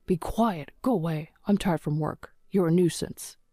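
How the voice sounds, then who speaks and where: A woman's voice: lowish voice, moderate pace, dark tone, no echo, natural voice. A woman voicing a cold, dismissive husband who wants a son, with a curt and scornful delivery in a storybook narration. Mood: contemptuous.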